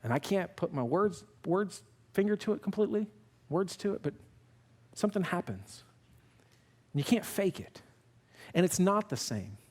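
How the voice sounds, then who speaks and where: A male pastor delivering a sermon in a somewhat high voice. He tells stories in a candid, self-deprecating way. He shifts from loud, emphatic bursts to hushed, quiet lines. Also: big pitch swings, normal speed, long pauses.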